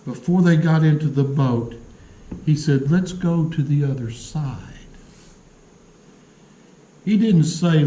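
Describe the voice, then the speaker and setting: A man preaching a sermon in a church, telling stories earnestly with dramatic pauses. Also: on the high side, mellow, echoey room, low-quality recording. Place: church sanctuary.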